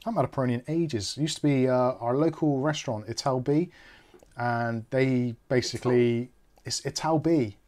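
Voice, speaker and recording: A man hosts a live tech stream, his voice sitting at an ordinary middle pitch. He rambles and jokes, corrects himself, and strays off topic before steering back. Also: normal speed, a little mellow. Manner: rambling, jokey, self-correcting.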